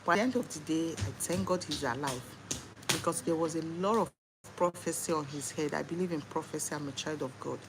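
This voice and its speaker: A woman's voice: sits low, brisk, noisy background. A young woman with a Nigerian accent, a new mother talking earnestly about faith on a casual livestream from home. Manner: earnest, faith-filled talk. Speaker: livestream host.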